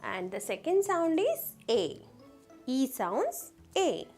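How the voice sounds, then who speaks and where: A woman's voice: high voice, big pitch swings, takes it slowly, a little mellow, soft background music. A woman teaching a phonics lesson to young children. She sounds out letters one at a time and keeps asking the children questions. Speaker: kindergarten teacher.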